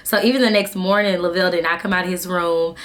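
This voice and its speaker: Speaking fast in a lowish voice, a young vlogger chats animatedly through a story for her audience. She performs the quoted lines as if playing each person.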